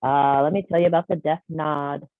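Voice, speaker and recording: Low-voiced woman interpreting a training. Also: steady tone, moderate pace, darkish tone, no room sound, rough recording. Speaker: sign language interpreter voicing a deaf trainer. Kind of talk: live spoken interpretation of a training session. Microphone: video call.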